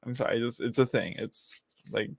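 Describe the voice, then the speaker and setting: A man gives a casual live-stream tarot reading, chatty and giggly, often trailing off and starting over while answering viewers. His voice is medium-pitched, brisk and husky with vocal fry, and there's no echo.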